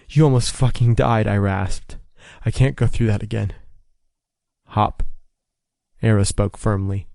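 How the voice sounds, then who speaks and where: A man's voice: fairly low pitch, darkish tone, dry recording. A man narrating a first-person audiobook with an intense, emotional delivery, recorded close to a studio mic.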